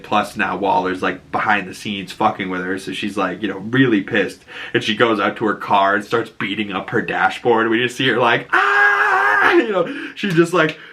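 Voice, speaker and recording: Boston dude with a bright, forward voice, rambling through a tv recap and laughing a lot. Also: male voice, fairly low pitch. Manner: loose rambling retelling, often laughing. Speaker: TV recap YouTuber. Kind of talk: casual episode breakdown.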